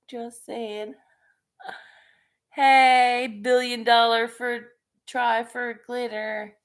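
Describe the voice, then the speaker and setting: Slow, laid-back woman. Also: a little high. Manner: laid-back, chatty, greets viewers by name. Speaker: live stream host and artist. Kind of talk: casual live stream chat.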